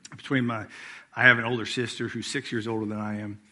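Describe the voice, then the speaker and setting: A man's voice: on the low side, little pitch movement, quick pace, sharp tone. A middle-aged man preaching a sermon as executive pastor, telling family stories in a casual, conversational way. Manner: storytelling with acted-out quotes, conversational.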